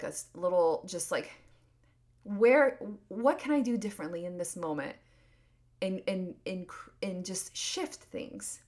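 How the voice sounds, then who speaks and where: Earnest rambling woman podcaster. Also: mid-range voice. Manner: rambling, earnest, many likes and restarts. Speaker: podcast host. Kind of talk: casual solo podcast monologue.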